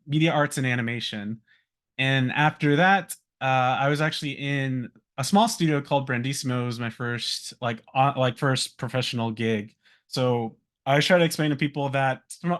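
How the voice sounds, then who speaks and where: A man in his thirties talks loosely and casually at a middle pitch, stacking up fillers and restarts. He laughs lightly now and then, and his voice sits in an ordinary register. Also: normal speed, a bit bright. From Virginia, US. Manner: rambling, many fillers and restarts, laughs while talking. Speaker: guest speaker, animator. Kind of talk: casual talk about career.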